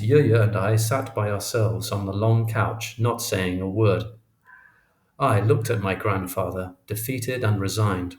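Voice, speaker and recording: A man narrating a memoir audiobook in a measured, expressive storytelling manner. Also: on the low side. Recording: roomy echo.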